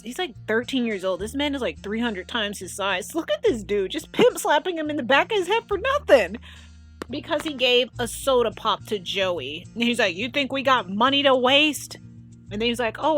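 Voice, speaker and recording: Woman doing a chatty reaction video, lots of "like", faint music under her. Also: mid-range voice. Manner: chatty, animated, lots of "like" and "oh my gosh". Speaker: video commentator. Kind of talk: casual reaction commentary.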